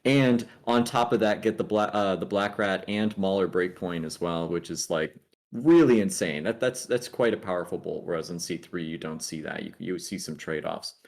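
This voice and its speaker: A man's voice: sits low, moderate pace. A man casting a video game match, breaking down strategy in detail with frequent "um" fillers. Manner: analytical, many "um" fillers. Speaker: esports caster. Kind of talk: game commentary.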